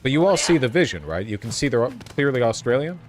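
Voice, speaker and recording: A man's voice: mid-range voice, big pitch swings, fast talker. A man streaming a video game, giving casual, sarcastic, joking commentary as he plays. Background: game music.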